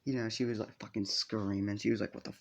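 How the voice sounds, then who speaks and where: A man's voice: fairly low pitch, steady tone, fast talker. A man casually telling a fan story, rambling with lots of fillers and swearing.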